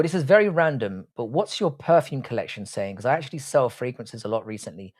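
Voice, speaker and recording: A man hosts a casual livestream and jokes his way through viewers' comments. His voice sits at a middling pitch, and his banter is crude and laddish, full of swearing and teasing. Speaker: livestream host reading chat. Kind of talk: casual live chat.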